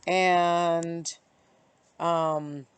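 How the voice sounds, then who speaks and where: A woman vlogging casually to camera, reflecting out loud in a halting, searching way with many pauses and fillers. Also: on the low side, flat delivery, smooth. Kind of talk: casual self-reflective vlog. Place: bright outdoor spot.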